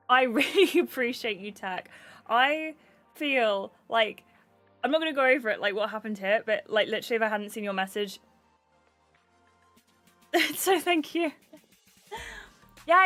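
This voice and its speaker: A woman's voice: on the high side, a bit bright. A young adult woman livestreaming a game, chatting casually and greeting viewers by name. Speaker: gaming livestreamer.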